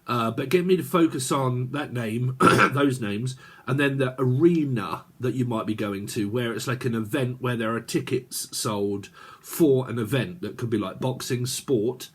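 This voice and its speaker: A man's voice: medium pitch, measured pace, fairly bright tone, slightly rough. A man giving a casual tarot reading, rambling from one idea to the next with many fillers. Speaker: tarot reader.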